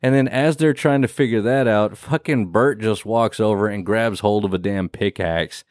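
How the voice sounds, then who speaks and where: A man co-hosting a casual podcast, recapping a horror movie with lots of swearing and quick acted-out lines. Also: on the low side, dry recording, clean studio sound. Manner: profane, animated, acts out movie characters in quick bursts. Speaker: podcast co-host.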